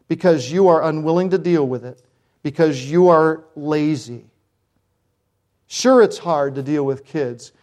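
A man's voice: a little high, darkish tone. A man preaching a sermon as pastor, folksy and emphatic, pressing his points with rising exhortations.

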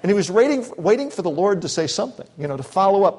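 A man's voice: high-pitched, big pitch swings, fast, a little mellow. A man preaching a sermon in a conversational way, with asides and acted-out quotes. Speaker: pastor. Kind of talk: expository sermon.

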